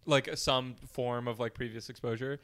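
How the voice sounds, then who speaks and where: A man's voice: mid-range voice, little pitch movement, normal speed, a bit bright, clean tone. A congested man, co-hosting a casual podcast and rambling anxiously. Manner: rambling, anxious, self-deprecating. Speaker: podcast co-host. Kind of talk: casual chat. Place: room at home.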